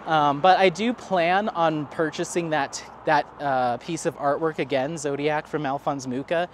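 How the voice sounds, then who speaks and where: A man's voice: a little high, a little hiss or hum. A man vlogging casually outdoors on a neighborhood dog walk, rambling and laughing at himself as he answers viewer comments. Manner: rambling, self-deprecating, laughs often. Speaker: crafting vlogger. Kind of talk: casual chat to camera.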